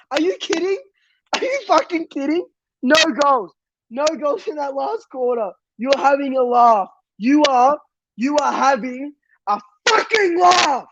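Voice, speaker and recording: Furious high-voiced man ranting. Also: background noise. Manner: furious, swearing, repeating himself, shouting. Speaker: football fan vlogger. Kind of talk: angry fan rant.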